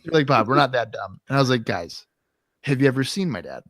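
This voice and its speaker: A man's voice: mid-range voice, expressive, a little fast, a bit bright, no echo, studio quality. A young man co-hosting a podcast, telling stories in a rambling, swearing way and acting out quotes from his past. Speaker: podcast co-host. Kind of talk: casual storytelling chat.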